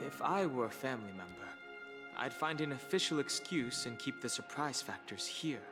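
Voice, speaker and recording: Man voicing a measured, cautious gentleman. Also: medium pitch, expressive, natural voice. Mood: calm. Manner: measured, polite. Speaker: game character. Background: game music.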